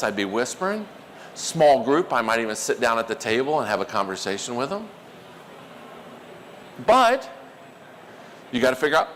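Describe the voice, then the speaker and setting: A man giving a live workshop talk, animated and quizzing the audience. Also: high voice, long reverb tail, slight background noise. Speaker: workshop presenter.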